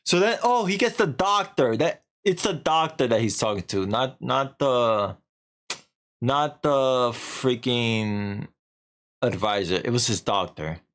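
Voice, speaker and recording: A man's voice: medium pitch, slow pace, slight background noise. Rambling young male streamer. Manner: rambling, animated, lots of filler and slang. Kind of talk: casual story recap.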